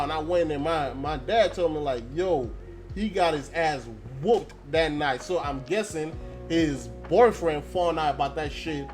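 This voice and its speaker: A young man telling a story in a blunt, profane casual rant, acting out quoted dialogue. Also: on the high side. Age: young adult. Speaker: channel host. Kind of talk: casual ranting monologue.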